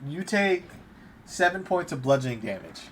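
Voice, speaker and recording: A man's voice: on the high side, big pitch swings, moderate pace. A man narrating a tabletop game as game master, describing the action plainly. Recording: noisy home recording.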